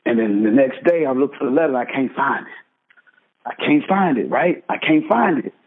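A man's voice: mid-range voice, lively intonation, normal speed. A man in his thirties with a Texan accent, emphatically telling his own life story and keeping his listeners hooked with repeated asides. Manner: emphatic storyteller, keeps asking "right?" and "check this out". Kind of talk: animated personal testimony. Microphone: phone call. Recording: husky voice over a tinny phone line.

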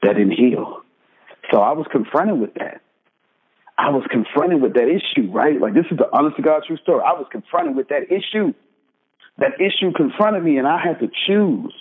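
This is a phone call in which a man in his thirties with a Texan accent, speaking at a moderate pace in a fairly high, expressive voice, tells his life story emphatically. The line is tinny and his voice husky. He holds attention with constant asides such as "right?" and "check this out."

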